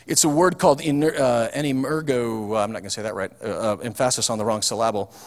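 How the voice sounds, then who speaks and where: A man's voice: fairly low pitch, lively intonation, very fast. A man preaching a sermon in a chatty, folksy way, with frequent fillers and restarts. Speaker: pastor. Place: church hall. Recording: long hall reverb.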